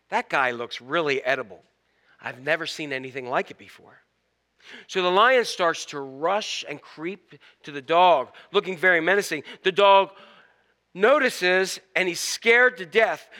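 A man's voice: high-pitched, pushed and bright. A man preaching a casual, jokey sermon who keeps asking the crowd questions.

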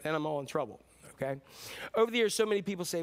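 A high-voiced man preaching a lively sermon. He rambles through stories in a casual, conversational way, with a few filler words and restarts. Now and then he breaks into sudden loud cheers. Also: quick pace. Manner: animated storytelling with sudden whoops. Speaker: pastor.

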